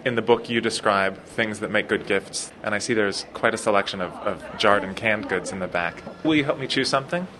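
A man's voice: lowish voice, a little fast, hardly any pauses. A man reporting for radio from a food shop, asking questions in an easygoing, curious way. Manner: curious, easygoing, laughs often. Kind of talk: radio feature interview on location. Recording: noisy street-level location recording.

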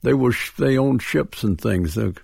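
An older man from Dedham with a Boston accent, reminiscing as a radio interview guest in a halting way, with many restarts and chuckles. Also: medium pitch, darkish tone, no room sound, clean studio sound. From Dedham, Massachusetts. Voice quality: gravelly, husky. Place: radio studio.

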